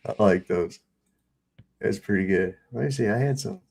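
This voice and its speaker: A middle-aged man hosting a live panel stream, relaxed and chatty as he introduces video clips. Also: fairly low pitch, moderate pace, gravelly, breathy edge. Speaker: host. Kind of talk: casual chat.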